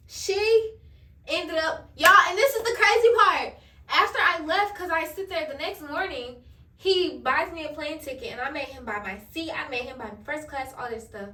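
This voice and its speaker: A woman's voice: sits high, lively intonation, moderate pace, bright, forceful tone, far from the mic. A young woman vlogger, telling a candid storytime full of slang and swearing while she does her hair. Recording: echoey room, voice a bit off-mic.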